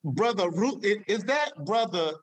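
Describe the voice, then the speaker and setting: A man's voice: sits high, expressive, a little slow, no echo. Emotional man hosting a live show. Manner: emotional, preacher-like, repeats phrases. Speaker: show host.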